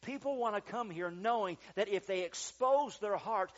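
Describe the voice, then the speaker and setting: A male pastor delivers a sermon in a high-pitched voice. He tells a story with lively, acted-out quotes and builds to emphatic peaks. The recording sounds slightly dull and lo-fi. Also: normal speed.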